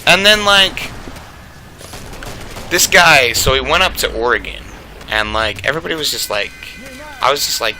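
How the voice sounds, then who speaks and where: A man's voice: mid-range voice, expressive, normal speed, pauses often, sharp tone, a little hiss or hum. A young man telling a casual storytime rant, rambling and profane, packed with "like" fillers.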